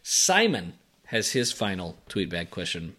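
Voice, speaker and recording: Male podcast co-host, lowish voice, easygoing and chatty. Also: very animated, a little slow, sharp tone. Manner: laid-back, reads listener messages aloud. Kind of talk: casual podcast chat.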